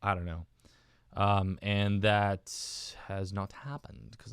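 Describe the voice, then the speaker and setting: A man's voice: lowish voice, steady tone, slow pace, vocal fry, clean tone, dry recording, clean studio sound. A young man hosting his own podcast, rambling and joking at his own expense, calling listeners dude and man. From United States. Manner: rambling, self-mocking, says dude and man a lot. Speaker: podcast host. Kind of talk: casual solo podcast talk.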